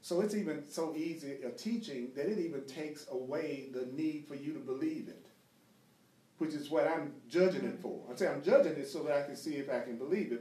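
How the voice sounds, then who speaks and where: A man with a slightly high voice teaches a spiritual class in a conversational way. He drives points home through repetition and slips into jokes. The room echoes and he sits some distance from the mic. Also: mellow. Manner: emphatic, repeats phrases, breaks into laughter and jokes. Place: meeting room with a small group, streamed live.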